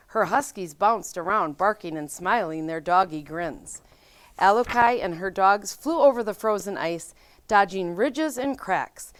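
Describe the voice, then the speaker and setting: Expressive woman reading a children's picture book aloud, lively melody. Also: medium pitch, measured pace. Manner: expressive storytelling. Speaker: school mystery reader.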